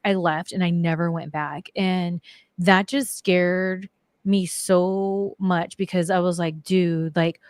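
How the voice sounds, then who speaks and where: A woman's voice: on the low side, dry recording. A middle-aged woman, a guest on a talk show, telling personal stories casually, full of "like" fillers. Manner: chatty, many "like" fillers. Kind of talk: casual storytelling interview.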